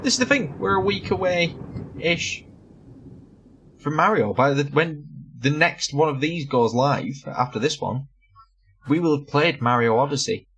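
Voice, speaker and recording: Bright-voiced laughing man. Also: on the high side, lively intonation, measured pace, dull audio, a little hiss or hum. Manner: swearing, laughing storyteller. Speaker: podcast co-host. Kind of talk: casual chat.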